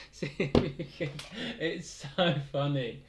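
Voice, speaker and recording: A man's voice: a little high, noisy background. A young man casually hosting a weekly livestream quiz, rambling between questions and chuckling often. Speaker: quiz host.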